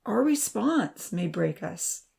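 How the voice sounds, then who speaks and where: Earnest gentle young assistant, soft-spoken and pleading, read by a woman. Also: mid-range voice, sing-song, slow pace, vocal fry, full character voice.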